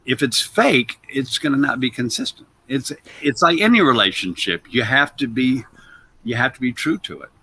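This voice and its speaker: A man who is an actor, telling stories as an interview guest in a loose, animated way that trails off into "blah, blah.". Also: mid-range voice, normal speed, husky, dry recording. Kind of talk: anecdotal interview storytelling.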